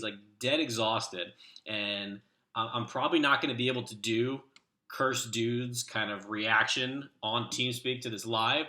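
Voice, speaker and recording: A man with a slightly low but bright, forceful voice talks through game footage as clan leader. He rambles in a relaxed way, full of ums and uhs, and the room gives his voice a clear echo. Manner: relaxed, rambling, many fillers. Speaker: clan leader and video host. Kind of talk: casual game commentary.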